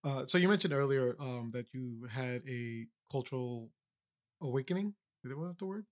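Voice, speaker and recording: Relaxed male podcast host, conversational and agreeable. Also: mid-range voice, moderate pace. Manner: relaxed, agreeable, thinks aloud. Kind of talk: casual interview.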